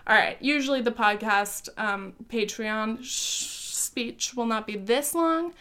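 A woman's voice: fairly high pitch, takes it slowly, pushed and bright, clean tone. A young woman hosting her own podcast, chatting casually and teasing herself, with laughs, fillers and the odd swear word. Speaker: podcast host. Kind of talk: casual solo podcast chat.

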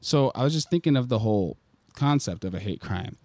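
A man's voice: mid-range voice, animated, brisk, a little mellow, dry recording. A man co-hosting a casual podcast, rambling and swearing freely as he tells stories, on a close mic. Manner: profane, rambling storyteller. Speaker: podcast co-host.

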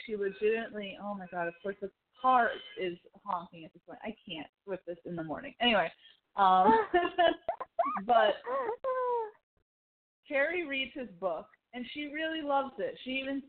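A woman co-hosting a casual chat, telling a long story in a rambling, animated way full of "like". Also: medium pitch, slight background noise. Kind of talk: casual chat recapping a TV show. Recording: phone-like narrow sound.

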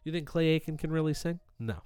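A man's voice: a little high, fast talker, darkish tone, smooth, no echo. A man co-hosting a podcast in crude casual banter, swearing constantly and ranting. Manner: profane, ranting, mocking voices. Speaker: podcast co-host.

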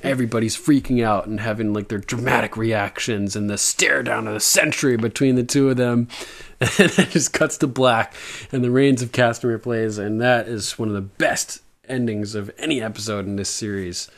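A man's voice: medium pitch, moderate pace, creaky. A man in casual chat, recapping a TV episode with a co-host and acting out the characters' lines. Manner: animated, acts out character lines in quotes.

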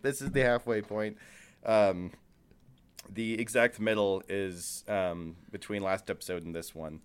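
Relaxed male game master, low and smooth, casual podcast chat. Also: a little slow.

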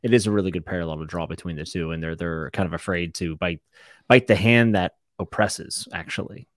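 A man's voice: low voice, brisk, no room sound, studio quality. A man co-hosting a podcast in casual chat, easygoing and joking. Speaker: podcast co-host.

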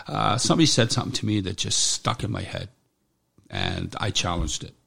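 A middle-aged man recounts his military years in an interview. His voice sits low and has a gravelly edge. He speaks bluntly, swears freely and often restarts his sentences. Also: sharp tone. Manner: blunt, profane, halting. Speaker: military veteran guest. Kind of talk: personal account in an interview.

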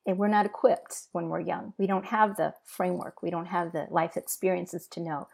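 Earnest low woman with a gravelly voice. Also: steady tone. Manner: earnest, halting with restarts. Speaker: interview guest. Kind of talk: emotional personal testimony.

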